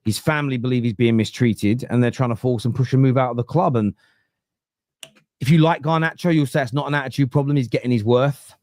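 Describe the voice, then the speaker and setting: A man's voice: medium pitch, quick pace, no room sound. East London man, 30s, football pod host, London accent, blunt swearing storyteller, dry close sound. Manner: animated storyteller, swears freely, acts out quotes. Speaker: podcast host. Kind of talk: casual football podcast chat.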